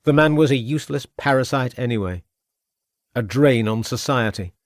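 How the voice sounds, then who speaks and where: A man's voice: mid-range voice, moderate pace, no room sound, studio quality, pitched above the performer's own voice, natural voice. A man voicing a scheming murderous villain who talks in a sneering, gloating way. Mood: contemptuous.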